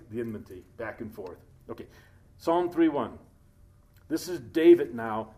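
A man preaching a sermon in a conversational, joking way, breaking off to read scripture aloud slowly. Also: medium pitch, a little mellow. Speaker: pastor. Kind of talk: sermon, Bible study.

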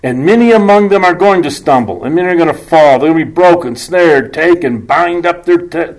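A male preacher teaching from the Bible, reading scripture slowly and emphatically and then dropping into quieter conversational asides with dry humor and rhetorical questions. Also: fairly high pitch, animated, poor audio.

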